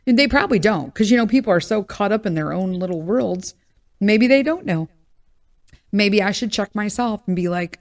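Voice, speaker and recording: A middle-aged woman with a mid-range voice, lively intonation and normal speed hosts her own podcast in a casual solo chat. She talks candidly, laughs at herself, swears freely, and coughs as her voice is still recovering.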